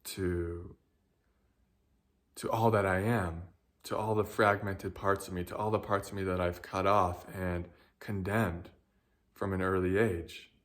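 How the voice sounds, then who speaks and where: Earnest man with a lowish voice. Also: steady tone, unhurried, a bit bright. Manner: earnest, emotional, searching for words. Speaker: spiritual guide. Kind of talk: heartfelt personal reflection.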